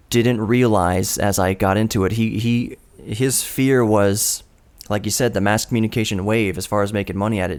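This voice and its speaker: A man's voice: on the low side, darkish tone. A man in his thirties hosting his own radio show, talking alone into a studio microphone in an earnest, storytelling way with a dry, self-mocking streak. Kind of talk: reflective solo radio monologue. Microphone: studio broadcast microphone.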